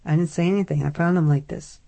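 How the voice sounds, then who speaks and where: A woman doing a mild, soft-spoken young man. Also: low-pitched, steady tone, quick pace, gravelly. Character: easygoing young man working a summer job.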